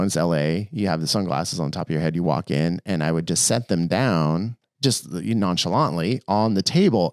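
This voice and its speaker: Middle-aged male co-host, gravelly, rambling, animated; dry studio sound. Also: lowish voice, no room sound. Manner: rambling, restarts often, animated. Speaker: podcast co-host. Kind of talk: casual chat.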